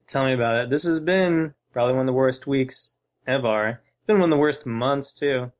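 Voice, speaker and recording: A man's voice: medium pitch, moderate pace. Podcast co-host, man, loose rambling chat, swears casually. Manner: relaxed, rambling, cursing.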